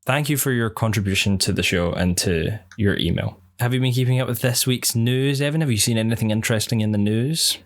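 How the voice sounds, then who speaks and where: A man's voice: mid-range voice, brisk, few pauses. A young man co-hosting a casual podcast, giving long, earnest, rambling opinions. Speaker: podcast co-host.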